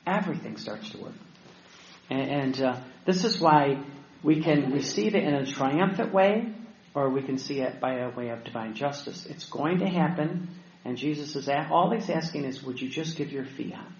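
A man's voice: fairly high pitch, animated, a little hiss or hum. A man, a deacon, giving a sermon-style talk, telling stories with frequent restarts and fillers. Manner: storytelling, halting with many restarts and fillers. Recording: echoey room, dull lo-fi with faint ambience.

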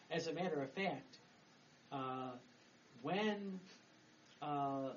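A man's voice: on the high side, extremely slow. A middle-aged man, a Catholic priest, giving a chatty homily that rambles, with laughs and restarts. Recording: distant mic, dull sound, faint background noise.

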